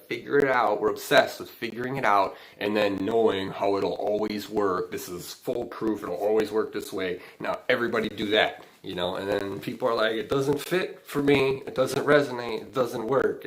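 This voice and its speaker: Rambling, laughing man with a lowish voice. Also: rough recording. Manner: rambling, filler-heavy, laughs often. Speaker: spiritual channeling host. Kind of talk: casual livestream chat.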